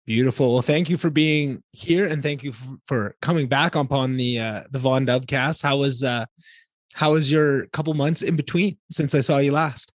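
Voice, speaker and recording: A man's voice: mid-range voice, normal speed, dry recording, studio quality. A man hosting a podcast, talking in a casual, rambling, self-deprecating way. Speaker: podcast host. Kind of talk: casual podcast intro and interview.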